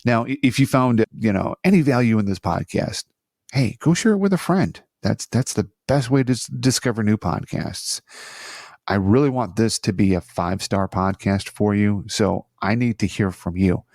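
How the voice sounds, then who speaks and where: A man's voice: on the low side, normal speed, vocal fry, a little mellow, no room sound, studio quality. A middle-aged man hosting a solo podcast, chatty and self-deprecating, rambling with frequent restarts. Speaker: podcast host. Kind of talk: casual solo podcast talk. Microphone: studio microphone on an arm.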